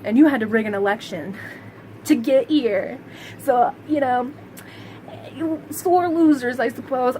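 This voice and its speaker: A woman's voice: sits high, unhurried, dark tone, a little hiss or hum, poor audio. A woman vlogger delivering a heated, sarcastic monologue to camera, swearing constantly. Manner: profane, heated, sarcastic ranting.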